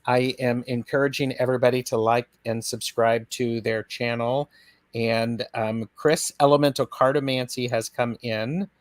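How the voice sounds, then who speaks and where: A man's voice: medium pitch, flat delivery, normal speed, dry recording. A man with an Ohio accent hosting a casual chat on a video call, talking with many fillers and restarts. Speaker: host.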